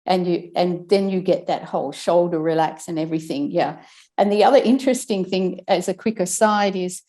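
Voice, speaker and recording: A woman's voice: mid-range voice, darkish tone. A woman guest in a conversational interview, explaining speaking and breathing technique and demonstrating it as she goes, often restarting her phrases. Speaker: guest, speech and accent coach.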